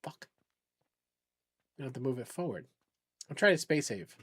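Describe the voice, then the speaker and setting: A man's voice: mid-range voice, expressive, normal speed, a bit bright, slightly rough. A man live-streaming a game, chatting casually and rambling, swearing when the game frustrates him. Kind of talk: casual live-stream chat while gaming.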